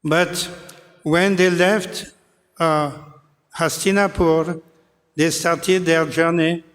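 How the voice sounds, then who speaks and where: Male preacher, slow and halting, recorded in a reverberant temple hall. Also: on the high side, little pitch movement, fairly bright tone. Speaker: preacher giving a scripture class. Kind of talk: scripture lecture retelling an epic.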